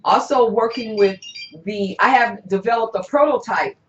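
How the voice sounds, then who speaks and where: A woman hosting a casual interview as an herbalist, talking in a relaxed, drawn-out way with many fillers. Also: fairly high pitch. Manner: relaxed, drawn-out, with frequent "you know" and "um". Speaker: herbalist host. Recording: roomy, dull-sounding recording.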